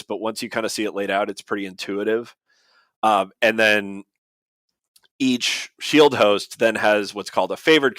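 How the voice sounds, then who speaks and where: Man, low voice, podcast co-host, methodical rules explainer, fillers, dry close sound. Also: fairly bright tone, no echo. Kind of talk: casual explanatory chat.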